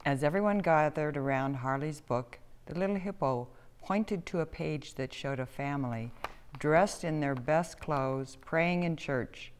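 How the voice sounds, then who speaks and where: A woman storyteller gently reading a children's picture book aloud. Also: low-pitched, smooth. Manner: gentle, slow, expressive reading.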